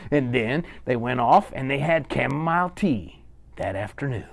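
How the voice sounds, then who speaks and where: A male host telling a bedtime story to children in a chatty, animated way, breaking off for asides to his listeners. His voice is gravelly and swings widely up and down. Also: medium pitch, moderate pace.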